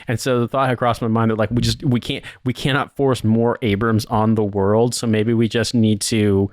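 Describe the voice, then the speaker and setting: A man co-hosts a podcast in casual chat, rambling, swearing, and using lots of filler words. His voice is fairly low and darkish, with little pitch movement and a moderate pace, captured in clean studio sound with no room noise.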